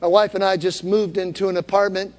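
Before a congregation in a church hall, a pastor with a high-sitting voice tells a story conversationally, building toward calls for them to repeat after him. His delivery is flat and brisk, trailing a long reverb.

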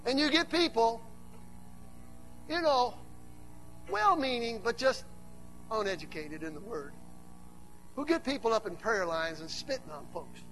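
A man preaching a sermon to a church, mixing humorous asides with animated build-ups that rise to shouts. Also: extremely high pitch, a little slow, long pauses, soft background music.

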